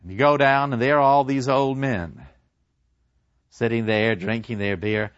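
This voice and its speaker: A male lecturer retelling a story in an animated way, acting out the people in it. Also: mid-range voice, measured pace, no room sound. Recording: dull lo-fi dry recording.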